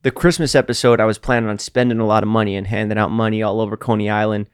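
A man's voice: lowish voice, fairly even intonation, very fast, clear, resonant tone, no room sound. A man hosting a podcast, telling rambling stories in casual chat and swearing often. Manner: profane, rambling storyteller. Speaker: podcast host.

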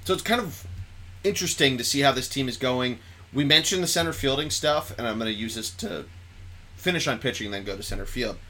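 A man hosts a casual sports podcast, his voice bright and forward. He rambles excitably, stops to correct himself and jumps from point to point. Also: mid-range voice, fairly quick. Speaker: podcast host.

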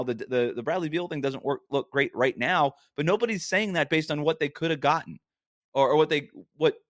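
A man hosts a sports podcast in a casual, argumentative monologue. He talks at an ordinary middle pitch and presses each point with rhetorical questions. His voice sounds dry and close to the mic, with no room around it. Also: no echo. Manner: emphatic and argumentative, with frequent rhetorical "right?".

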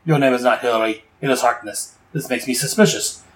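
A man voicing a suspicious male crime boss from a comic, with slow, formal, threatening speech. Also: mid-range voice, natural voice.

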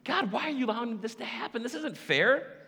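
A man's voice: a little high, expressive, moderate pace, pushed and bright. Brief: a distraught young woman pleading with God, acted by a male preacher, heard with long church reverb. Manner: pleading, exasperated.

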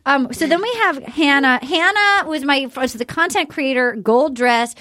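A woman's voice: high voice, normal speed, bright, forceful tone, dry recording, studio quality. A woman hosting a podcast in casual chat, playful and gushing. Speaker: podcast host.

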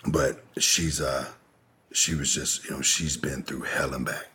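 A man with a rumbling low voice, a steady tone and a slightly slow pace sounds pushed, bright and a bit rough. As a podcast guest, he tells a long personal story in a relaxed, rambling, profane way, like casual interview storytelling.

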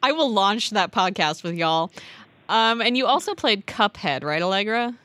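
Bright, dry-sounding woman host. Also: mid-range voice, animated, normal speed, no room sound. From US West Coast. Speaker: podcast host. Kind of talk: casual chat.

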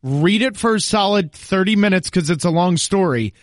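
A man's voice: high voice, animated, moderate pace, no room sound, studio quality. A man talking soccer on a podcast as an analyst guest, emphatic and confident as he explains at length. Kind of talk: casual podcast chat.

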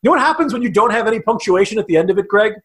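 A man's voice: sits high, lively intonation, rapid-fire, fairly bright tone. A man co-hosting a political podcast, ranting in mock outrage. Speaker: podcast co-host and writer. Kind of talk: casual political podcast chat.

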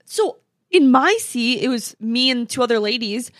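A woman's voice: fairly high pitch, animated, moderate pace, no room sound, studio quality. A woman co-hosting a casual chat podcast from a hotel room. She reacts eagerly and tells her own stories with enthusiasm. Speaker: podcast co-host.

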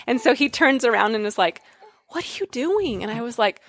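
Animated woman telling a hunting story. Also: on the high side, a little fast, dry recording, clean studio sound. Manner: animated, acts out quotes, laughs often. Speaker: guest. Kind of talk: casual storytelling.

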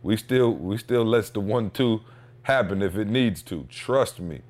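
Low-voiced man telling animated stories. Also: a little slow. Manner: animated storyteller, slangy, acts out quotes. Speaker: podcast host; father. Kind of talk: casual podcast chat.

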